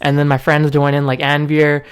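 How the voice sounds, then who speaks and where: A young man hosting a gaming video, telling a rambling story with bursts of excitement. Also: on the high side, normal speed, clear, resonant tone. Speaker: gaming channel host.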